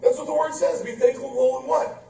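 A man's voice: extremely high pitch, fairly even intonation, brisk, creaky, warm tone. A male pastor preaching a fervent, emphatic sermon full of rhetorical questions and humorous asides. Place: church sanctuary, indoors. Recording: echoey church from far off, faint room noise.

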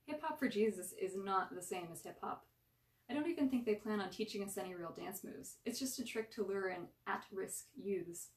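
A woman's voice: mid-range voice, normal speed, roomy sound, distant mic, natural voice. A woman voicing a wry, teasing preteen girl who likes to take charge. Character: sassy preteen girl who mocks and leads.

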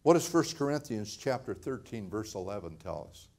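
A man's voice: lowish voice, lively intonation, normal speed, a little mellow. An older man, a pastor, preaching a sermon in a conversational way, often repeating words and laughing lightly.

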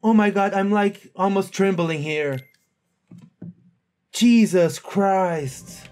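A man giving live commentary on his own gameplay, excitable, often exclaiming and cursing at a hard boss fight. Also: high-pitched, slow pace. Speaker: gaming video host. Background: faint game music.

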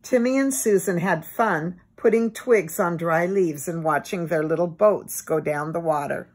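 A woman gently reading a children's book aloud in an expressive bedtime manner. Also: lowish voice, a little slow, slightly rough. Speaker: storybook reader.

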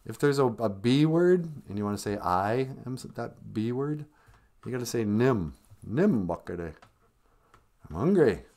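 A man's voice: medium pitch, very animated, measured pace, warm tone. A middle-aged man hosting a live stream in casual chat, full of playful, joking asides.

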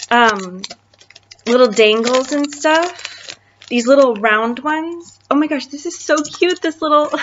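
Woman, craft vlog host, gushing, chatty, unhurried, muffled recording. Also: fairly high pitch, a little hiss or hum. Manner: gushing, excitable, chatty with many fillers. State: voice cracking. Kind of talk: casual unboxing chat.

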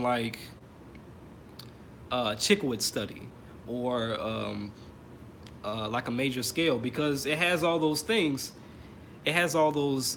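Over a video call picked up by a computer mic, a man teaches an online trumpet masterclass. His medium-pitched voice is fairly bright, and he explains things casually with lots of fillers and restarts, over a little hiss or hum.

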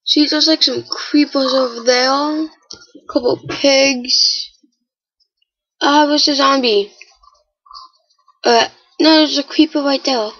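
A woman giving casual, chatty commentary while playing a game, with excitable, startled exclamations. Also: sits high, slow pace, long pauses, highs cut off. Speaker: gamer.

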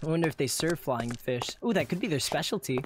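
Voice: mid-range voice, lively intonation, fast, noisy background. A streamer playing through a live game roleplay, stammering and rambling with lots of fillers. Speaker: streamer and player character.

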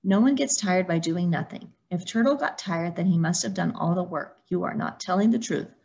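A woman's voice: fairly low pitch, moderate pace, gravelly, a little mellow. A woman doing a stern warthog judge. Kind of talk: storybook reading.

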